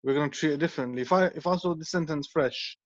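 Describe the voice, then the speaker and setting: Questioning male student, higher voice. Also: fast talker, no echo. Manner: questioning, stumbles and restarts. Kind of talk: asking questions in class. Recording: dry, dull lo-fi audio.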